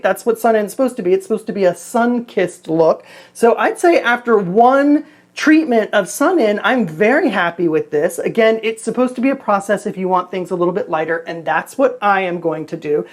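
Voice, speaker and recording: A man's voice: high-pitched, no echo. A man in his forties chatting casually in a vlog, reviewing a hair product in a rambling, self-deprecating way. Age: 40s.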